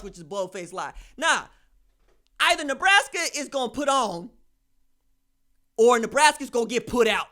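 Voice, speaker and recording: A man hosting a solo sports podcast, trash-talking teams with slang and a lively, animated delivery. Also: very high voice. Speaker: podcast host. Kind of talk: solo sports commentary rant. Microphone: studio mic.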